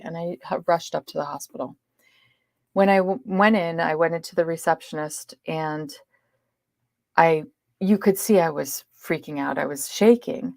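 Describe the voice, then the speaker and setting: A woman speaking as a podcast guest, telling a personal story in an earnest way, swinging between loud emphasis and hushed asides. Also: fairly low pitch, moderate pace, gravelly, dry recording, studio quality.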